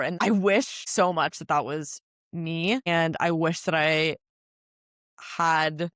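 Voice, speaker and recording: A woman's voice: low-pitched, steady tone, slow pace, fairly bright tone, no echo, studio quality. A woman in her twenties hosting a solo podcast, talking casually and emphatically with lots of fillers and little laughs. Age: 20s. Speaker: podcast host.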